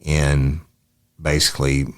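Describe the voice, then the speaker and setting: A man's voice: very deep voice, completely flat delivery, dry recording, clean studio sound. A man, a former detective hosting a podcast, reading case transcripts aloud in a matter-of-fact way. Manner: matter-of-fact, brisk asides.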